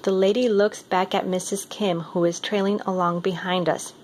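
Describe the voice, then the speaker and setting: A woman reading a picture book aloud in a steady, expressive storytelling manner. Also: medium pitch, moderate pace, a little hiss or hum. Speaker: reader.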